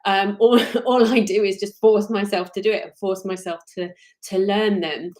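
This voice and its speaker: A woman's voice: medium pitch, fairly even intonation, normal speed, a little mellow. Chatty British woman rambling on a live stream. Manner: rambling, chatty and apologetic, often trailing off. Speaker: crochet designer hosting a live stream. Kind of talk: casual live-stream chat.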